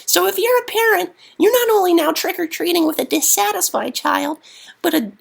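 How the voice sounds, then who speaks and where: A man talking in a shrill, squeaky falsetto, manic and rambling. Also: fairly quick, vocal fry, fairly bright tone, full character voice. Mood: giddy.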